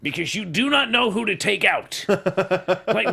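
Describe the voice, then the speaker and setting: Lively gravelly-voiced man co-hosting. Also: high voice, a little slow. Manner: animated, explanatory, jokey. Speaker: co-host and wrestler. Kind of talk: casual recap chat.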